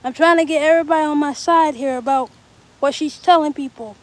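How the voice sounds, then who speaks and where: Chatty young woman, high voice. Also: brisk, low-quality recording. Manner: rambling, chatty, talks to viewers. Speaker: livestreamer. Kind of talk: casual livestream chat. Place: outdoors in bright sun.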